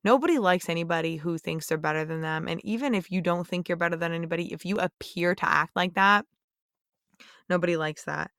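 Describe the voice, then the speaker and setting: A blunt young woman cop talks straight into a close mic, a little low in pitch. She lectures her listeners with heavy profanity and hard emphasis. The sound is dry, with no room at all. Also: brisk, fairly bright tone, no echo. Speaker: podcast host, police officer. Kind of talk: blunt opinionated monologue.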